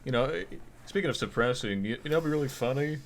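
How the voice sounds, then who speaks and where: A man's voice: medium pitch, animated, quick pace, slight background noise. A man co-hosting a comedy podcast, rambling through crude jokes in casual chat. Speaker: podcast co-host.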